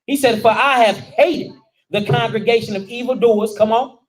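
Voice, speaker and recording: A man's voice: extremely high pitch, fairly even intonation, moderate pace, poor audio. A man preaching a sermon, calling out questions to his listeners in informal dialect speech. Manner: calls out questions and answers to the room. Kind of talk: sermon teaching.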